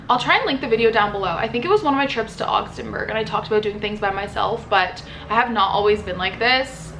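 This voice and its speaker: A woman's voice: a little high, fairly bright tone. A young woman vlogger talking candidly to camera, chatty and personal, full of "like" fillers. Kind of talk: candid vlog talk to camera. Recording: faint city noise behind.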